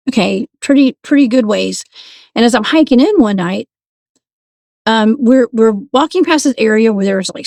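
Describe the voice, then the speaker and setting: A woman, a paranormal investigator telling her stories as a guest in a casual, animated way. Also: on the high side, gravelly, no room sound, clean studio sound. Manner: animated, laughs often, restarts sentences. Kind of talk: casual storytelling.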